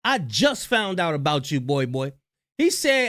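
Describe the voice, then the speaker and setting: A man talks high in his range and swings his pitch around constantly. He riffs on the news in a slangy, trash-talking way as a reaction host. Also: very animated, a little slow, a bit bright. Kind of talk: casual reaction commentary.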